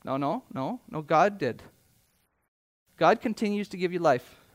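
A middle-aged pastor with a notably high-pitched voice delivers a sermon in a church. He speaks conversationally but leans hard on his points, often asking the congregation rhetorical questions. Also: animated, a little slow.

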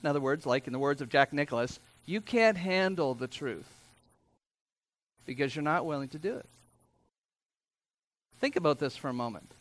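A man preaching a sermon as pastor, speaking in a conversational way with asides and quick self-corrections. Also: mid-range voice.

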